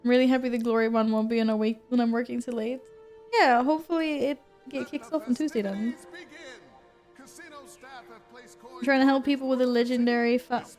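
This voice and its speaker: A chatty woman streaming a game, who chats casually with her viewers, answers their messages and laughs often. Her voice sits a bit high, and faint game music plays behind her. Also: steady tone, normal speed, long pauses, a little mellow. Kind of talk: casual gaming stream chat.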